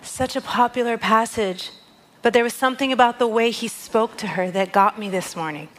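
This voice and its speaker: A woman with a fairly high voice gives a devotional teaching. She speaks in a heartfelt, conversational way and reads scripture passages aloud between her own reflections. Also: moderate pace, fairly bright tone, low-quality recording. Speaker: worship leader sharing a devotional.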